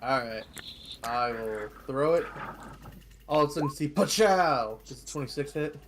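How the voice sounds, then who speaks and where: A man's voice: medium pitch, moderate pace, fairly bright tone, slight background noise. A man playing a tabletop game, playful and adding sound effects. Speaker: player.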